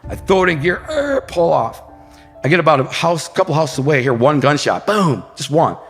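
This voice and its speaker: A man's voice: fairly high pitch, sing-song, fairly quick. Man, podcast guest, vivid slangy storytelling, sound effects, reverberant hall, faint background music. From Detroit, United States. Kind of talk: casual storytelling.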